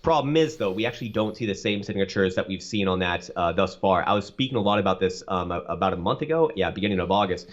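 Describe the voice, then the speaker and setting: A man walking through chart analysis on a call as a guest, rapid and full of restarts, in dull lo-fi call audio. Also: low voice, animated.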